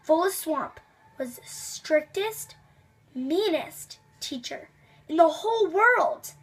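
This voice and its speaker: A woman's voice: high voice, fairly bright tone. A young woman reading a children's chapter book aloud, with chatty asides to her listeners. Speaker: storybook reader.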